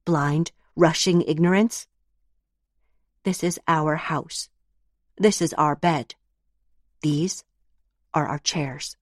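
Low, slow woman reading lyrical prose. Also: fairly even intonation, no room sound, clean studio sound. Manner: measured, lyrical, reflective phrasing. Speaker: narrator. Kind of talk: literary audiobook narration.

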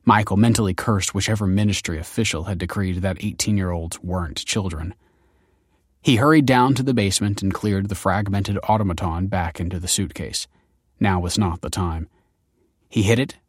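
Brief: male audiobook narrator, low pitch, dry close sound, even delivery. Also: dry recording. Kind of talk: scripted narration.

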